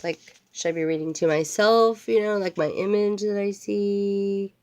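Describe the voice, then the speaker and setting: A woman's voice: mid-range voice, fairly even intonation, normal speed, darkish tone. Chatty grandmother reading a storybook. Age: older. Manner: playful, digressive, talks straight to a grandchild.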